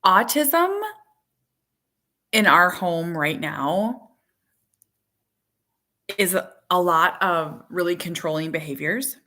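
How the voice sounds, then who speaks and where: A woman in her thirties, a mother, talking casually on a live chat stream, rambling with many fillers and quick laughs. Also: on the low side, lively intonation, sharp tone.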